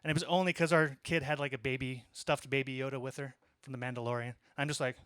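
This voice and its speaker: A man in his thirties telling a conversational story in a stand-up set, with deadpan asides. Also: mid-range voice, fast talker, smooth, dry recording. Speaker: stand-up comedian. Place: small comedy club.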